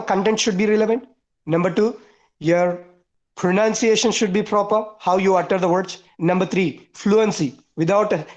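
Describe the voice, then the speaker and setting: A man's voice: sits high, a little mellow. A man teaching an online class. He lists his points one by one and repeats the key words. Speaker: English teacher. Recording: dull lo-fi online call audio.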